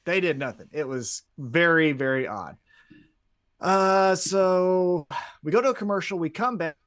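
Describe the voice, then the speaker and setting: Lively man recapping a wrestling show. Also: sits high, measured pace, clear, resonant tone. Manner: recaps events, acts out quotes in a lively way. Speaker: podcast co-host. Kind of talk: casual wrestling podcast recap.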